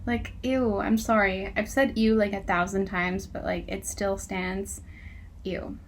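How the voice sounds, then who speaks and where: A woman's voice: mid-range voice, little pitch movement, a little slow, a little hiss or hum. A woman casually reviewing a book, reading passages aloud and mocking them with exasperated, sarcastic asides and frequent laughter.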